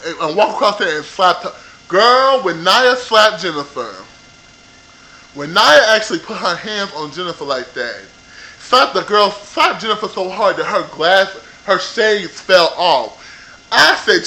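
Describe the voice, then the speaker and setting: A man with a high, bright voice rants about television, sassy and heavy with profanity. He talks straight into a computer mic in a loose, animated monologue. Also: normal speed, poor audio. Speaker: vlogger reviewing a reality show. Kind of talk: casual ranting review.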